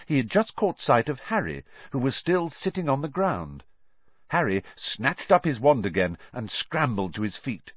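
Lively male audiobook narrator. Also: mid-range voice, normal speed, dry recording. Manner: lively, expressive storytelling. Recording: dry, slightly muffled.

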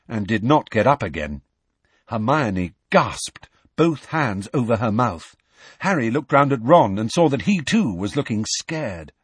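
A man narrating an audiobook in a measured, expressive scripted reading. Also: medium pitch, slightly rough, no room sound.

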